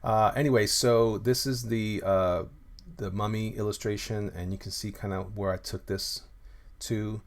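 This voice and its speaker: A man's voice: fairly low pitch, fairly even intonation, unhurried. A man who makes comics chatting casually on a live stream, rambling with many restarts while he shows his artwork and reads viewer comments. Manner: rambling, many restarts and fillers, loose and friendly. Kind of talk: casual livestream chat reading viewer comments.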